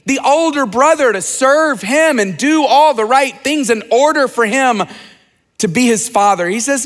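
A man's voice: extremely high pitch, normal speed. A man preaching a sermon, asking rhetorical questions and acting out the characters' lines. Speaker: pastor. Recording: long reverb of a large hall.

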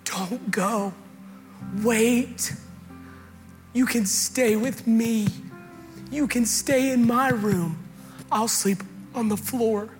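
A man voicing a tearful little boy playing an innkeeper, pleading softly and earnestly. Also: extremely high pitch, drawn-out words, long pauses, soft background music, pitched above the performer's own voice, heavily acted.

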